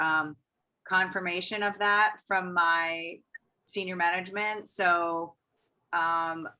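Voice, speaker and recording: Brief: woman, lower-middle pitch, bright tense tone, candid and hesitant with lots of ums. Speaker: panel guest. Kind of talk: casual video-call discussion.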